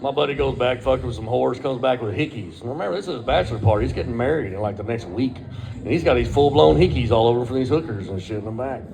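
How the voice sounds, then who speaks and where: A man's voice: medium pitch, fast, creaky. A middle-aged man, telling a crude, profane personal story in a laid-back way.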